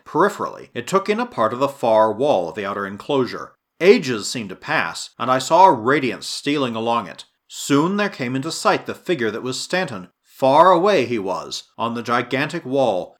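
Expressive male audiobook narrator. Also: mid-range voice. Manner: dramatic, expressive reading. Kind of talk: scripted narration.

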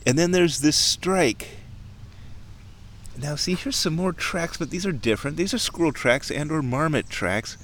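A man's voice: a little high, lively intonation, measured pace, fairly bright tone, a little hiss or hum. A man narrating casually while walking outdoors along a wooded creek. He is playful and chatty, mimicking sounds and chuckling often. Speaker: nature vlogger. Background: faint outdoor ambience.

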